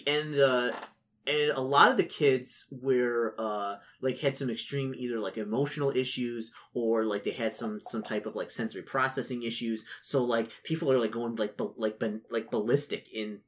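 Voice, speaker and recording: A man on a podcast telling a gaming story in a rambling, animated way, full of fillers, acting out quoted voices. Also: mid-range voice, normal speed, a little hiss or hum. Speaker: podcast co-host and game master. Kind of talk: casual chat, animated storytelling.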